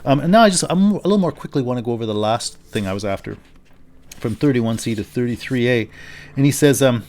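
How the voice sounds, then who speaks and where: A male philosophy lecturer giving an unscripted university lecture, thinking aloud and paraphrasing a text in a lively quoting voice. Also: mid-range voice, quick pace. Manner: thinking aloud, with frequent restarts and fillers.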